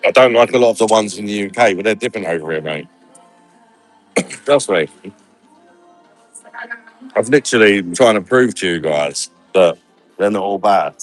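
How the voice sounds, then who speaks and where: A man's voice: fairly low pitch, lively intonation, moderate pace, long pauses, faint music behind. An English man vlogging casually from a holiday resort, talking bluntly and swearing freely. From England. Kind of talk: casual vlog chat.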